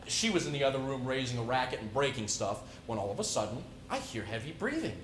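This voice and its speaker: An unhinged serial killer on death row, played by a teenage boy on a school stage, talking in a soft, confiding menace that breaks into frenzied shouting. The voice is bright and edgy, and its pitch swings widely. The sound carries the echo of a large hall. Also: very animated, fast. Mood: tense. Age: teens. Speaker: student performer. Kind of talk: competitive dramatic monologue.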